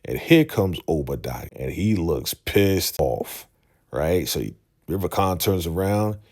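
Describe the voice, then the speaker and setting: A man hosting a casual show-recap vlog, telling the story in an animated way and acting out the scenes, speaking into a podcast microphone. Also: low-pitched, measured pace.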